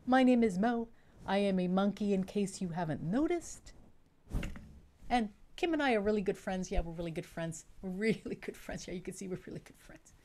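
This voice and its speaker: A woman's voice: mid-range voice, animated, normal speed, dark tone, slight background noise, lightly acted. A woman voicing a friendly, joking male monkey hand puppet for young children. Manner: jokey, chatty, bouncy.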